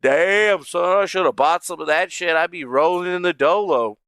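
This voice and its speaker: A man's voice: high-pitched, normal speed, fairly bright tone, clean tone, no echo. A man hosting a casual livestream from home, rambling and joking with a lot of swearing. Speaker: livestream host. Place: home streaming setup.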